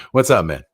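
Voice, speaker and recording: A man with a Texan accent co-hosting a live show in casual chat, rambling and halting with many restarts. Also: lowish voice, slightly rough.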